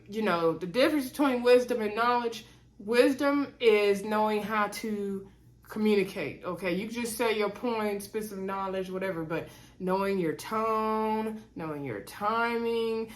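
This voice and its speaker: A woman talks through a reality show recap in a loose, conversational way. She leans on colloquial asides and checks in with her listeners as she goes. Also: measured pace. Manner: retells scenes, mimicking cast members in higher pitch; chatty, colloquial, sprinkles "okay?" and "girl". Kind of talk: casual recap commentary.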